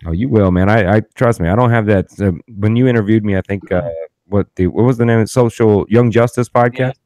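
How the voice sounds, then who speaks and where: A man's voice: lowish voice, fast talker, darkish tone, dry recording, studio quality. A man hosting a podcast, telling stories in a loose, profane, ranting way. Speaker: podcast host. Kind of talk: casual podcast chat.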